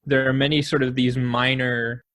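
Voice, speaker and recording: A man's voice: mid-range voice, level tone, normal speed, fairly bright tone. A man co-hosting a casual history podcast, thinking aloud and offering guesses as he talks. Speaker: podcast co-host.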